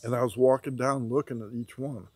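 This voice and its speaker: A man's voice: medium pitch, fairly even intonation, brisk, husky, dry recording. A man earnestly recounting a prophetic dream in vivid detail, ending in an urgent, preaching warning. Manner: vivid storytelling with many repetitions. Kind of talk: earnest spoken testimony.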